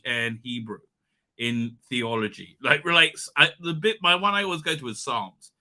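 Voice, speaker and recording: A man's voice: on the high side, animated, moderate pace, bright, forceful tone. A man hosting a live online show, chatting casually and rambling with many fillers, restarts and laughs. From Israel. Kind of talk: casual live-stream chat.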